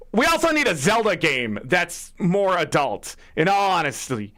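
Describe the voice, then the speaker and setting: A man on his livestream, ranting in a high, sharp voice. He swears freely and fires off rhetorical questions, and his pitch swings widely from line to line. The talk stays casual and profane throughout. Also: very animated, normal speed. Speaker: livestream gaming host.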